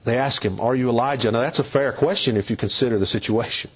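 A man preaching an expository sermon, emphatic and deliberate, leaning hard on key words. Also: mid-range voice, breathy edge, dull audio.

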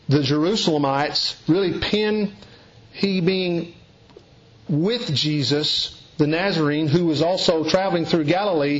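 Southern male preacher, folksy explainer, voice on the high side, muffled lo-fi sound. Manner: explanatory, folksy, occasional restarts. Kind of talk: Bible teaching sermon. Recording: dull lo-fi recording.

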